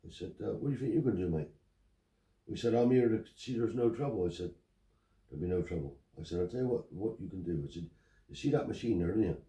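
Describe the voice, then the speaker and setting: A man's voice: low-pitched, fast. An older man, telling stories and acting out the dialogue in a casual chat. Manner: animated storyteller acting out dialogue. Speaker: interviewee, Romany Traveller. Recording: roomy, picked up from a distance.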